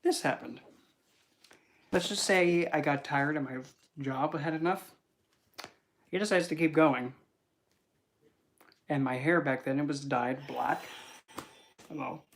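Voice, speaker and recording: A young man, a spiritual reader, chatting casually on a livestream and telling rambling, animated stories with many fillers. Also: a little high, slow, long pauses.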